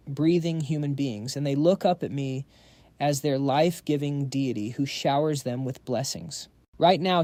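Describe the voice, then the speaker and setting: A man's voice: on the high side, warm tone, no echo. A man narrating a story recap in a dramatic, breathless storytelling manner.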